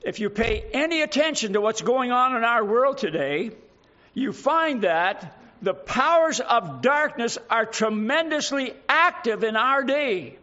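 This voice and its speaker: An animated man in his eighties delivers a sermon in a high, bright, ringing voice, driving each point home with slow, emphatic repetition and weighty pauses. The recording is dull and lo-fi.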